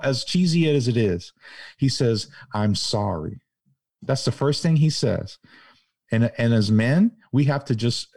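A man's voice: mid-range voice, darkish tone, dry recording, clean studio sound. A man talking casually and earnestly, with emphatic stresses and many restarts. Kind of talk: casual chat.

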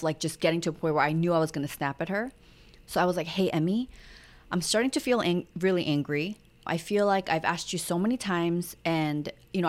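Candid chatty mother telling stories. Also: fairly low pitch. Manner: candid, chatty storytelling with acted-out quotes. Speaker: podcast co-host. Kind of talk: casual chat.

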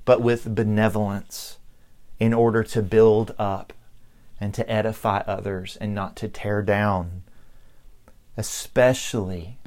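A middle-aged Southern man preaching from the pulpit, with a voice pitched a little low. He takes his time, leaning on words and pausing for weight. His drawl softens every line. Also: steady tone. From Southern United States. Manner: slow, deliberate preaching with emphatic pauses. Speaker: pastor. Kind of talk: sermon.

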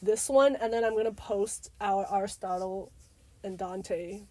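Young woman co-hosting a book podcast, laughs a lot, kinda husky, dry close sound. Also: mid-range voice, fairly even intonation, a little slow, mellow, no room sound. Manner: laughs often, keeps saying "anyways". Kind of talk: casual chat.

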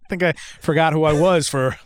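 A man's voice: a little high, fairly even intonation, no echo. A man co-hosting a podcast, riffing and joking in casual chat. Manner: jokey, riffing, quick to laugh. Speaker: podcast co-host.

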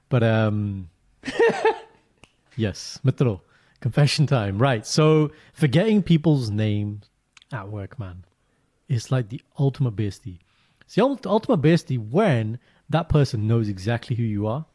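A man co-hosting a podcast, telling a story in a casual, animated way and jumping into high, exaggerated voices. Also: a little slow. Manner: animated storytelling, breaks into high mock greetings. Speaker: podcast co-host. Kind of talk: casual chat.

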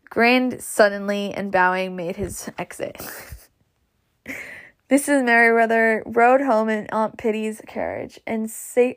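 A woman narrating an audiobook, with occasional slips and restarts. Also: mid-range voice. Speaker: audiobook reader.

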